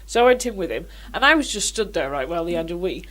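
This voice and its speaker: A woman, co-hosting a casual chat podcast and telling animated, laughing stories. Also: lowish voice, fast talker. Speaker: podcast co-host.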